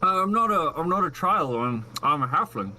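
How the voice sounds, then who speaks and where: A man's voice: on the high side, lively intonation, moderate pace, sharp tone. A man playing a flustered young male halfling who stammers and corrects others defensively.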